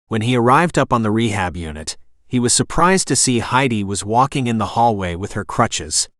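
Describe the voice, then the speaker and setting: Calm man reading a romance audiobook. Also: on the low side, moderate pace, dry recording, clean studio sound. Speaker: audiobook narrator. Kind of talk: scripted romance narration.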